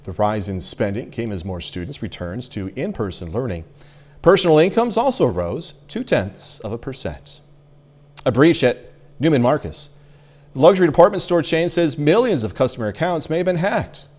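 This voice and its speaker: A man anchoring a local evening newscast, reading stories with lively delivery and joking asides. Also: mid-range voice, moderate pace. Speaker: news anchor.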